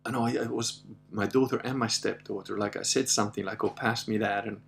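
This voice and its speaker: A man's voice: on the low side, fairly even intonation, brisk, creaky. A middle-aged man hosting a casual livestream, rambling through stories with frequent laughs and reading viewer comments. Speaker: host.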